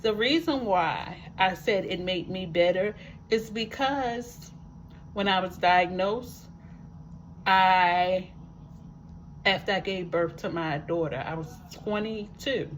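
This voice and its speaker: Slow, emphatic woman telling her own story. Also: fairly low pitch, slight background noise. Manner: emphatic, repeats words for effect, folksy asides. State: living with a disability, wheelchair user. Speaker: vlogger sharing her life with a disability. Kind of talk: personal testimonial talk to camera.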